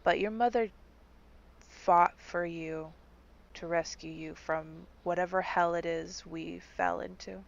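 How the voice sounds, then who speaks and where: A woman voicing a gentle grieving female bard who comforts a friend in a quiet, tender, slow way. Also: on the low side, steady tone, gravelly, muffled recording.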